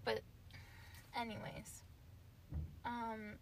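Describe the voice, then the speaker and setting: A woman's voice: fairly high pitch, monotone, extremely slow, noisy background. A young woman hosting her own podcast, chatting casually and ranting, cursing freely and saying "like" in nearly every phrase. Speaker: podcast host. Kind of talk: casual solo podcast rant.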